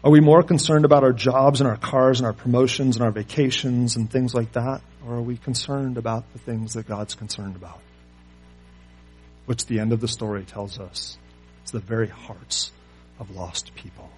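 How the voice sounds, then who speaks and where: A man preaching a sermon, pressing his listeners with rhetorical questions and moving between loud emphasis and quiet asides. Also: mid-range voice, fairly even intonation, normal speed, soft background music. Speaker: pastor.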